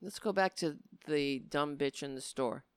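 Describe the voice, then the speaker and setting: A woman's voice: deep voice, a little slow, clear, resonant tone, dry recording. A woman delivering a sarcastic, scornful political rant on a close mic, often slipping into mocking voices. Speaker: political commentator.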